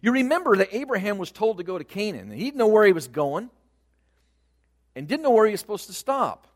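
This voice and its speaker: A man preaching a sermon, speaking with animated emphasis that rises and falls in loudness. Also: sits high, fairly quick.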